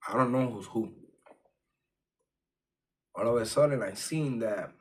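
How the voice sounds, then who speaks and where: A man's voice: mid-range voice, a little slow, husky. A man casually telling a personal story in profane street slang, full of fillers like "you know what I'm saying".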